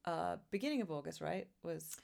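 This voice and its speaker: A woman's voice: on the low side, animated, moderate pace, creaky, darkish tone. Teasing, playful woman co-hosting a podcast. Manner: teasing, joking, asks playful questions. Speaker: podcast co-host. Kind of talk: casual chat.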